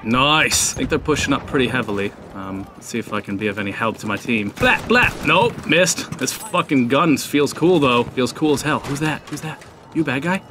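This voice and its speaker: A young man hosting a gaming channel, giving jokey live commentary over his play, swearing and yelping in high shouts whenever he gets attacked. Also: normal speed, noisy background.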